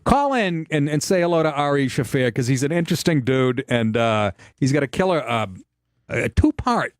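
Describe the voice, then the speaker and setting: A man's voice: fairly high pitch, expressive, normal speed, no echo, clean studio sound. Blunt, profane radio host man. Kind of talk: casual talk radio chat.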